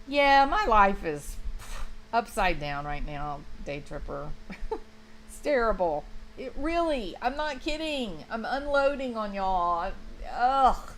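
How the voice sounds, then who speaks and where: A woman's voice: medium pitch, big pitch swings, measured pace, slight background noise, poor audio. A woman hosting a true crime livestream, talking casually to her viewers and greeting them by name. She is emphatic and chatty and often restarts her sentences. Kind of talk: casual livestream commentary, reading chat.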